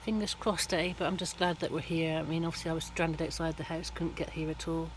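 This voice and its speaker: Low, flat-voiced woman vlogging. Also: fairly quick, a little hiss or hum. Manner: rambling, chatty, with many ums and restarts. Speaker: van life vlogger. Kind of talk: casual vlog update. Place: van parked at a garage.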